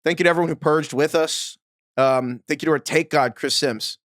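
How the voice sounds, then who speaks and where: A man's voice: on the high side, brisk, fairly bright tone, no room sound, clean studio sound. A young adult man co-hosting a podcast, chatting casually, swearing and laughing often. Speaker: podcast co-host.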